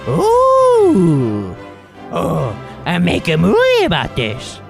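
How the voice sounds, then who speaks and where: Brief: a goofy sing-song wedding officiant, very high and gravelly, wild swoops. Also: male voice, wildly swooping pitch, extremely slow, faint music behind, heavily acted. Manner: squeaky, sing-song, babbling nonsense noises.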